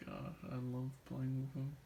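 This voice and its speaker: A man recounts gaming stories in a relaxed, rambling way, often restarting his sentences and filling gaps with "like." His voice is mellow and dark, sitting at an ordinary pitch. A faint hiss of noise lies under the recording. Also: creaky. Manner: laughs between stories. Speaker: video creator reacting to a friend's clips. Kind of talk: casual storytelling.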